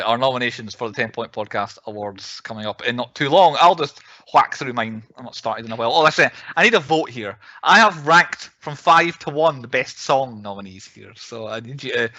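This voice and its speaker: A man's voice: medium pitch, animated, a little fast, sharp tone, no echo, lo-fi sound. A man co-hosting a podcast, chatting casually as he runs through a list with laughs. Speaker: podcast co-host. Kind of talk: casual chat.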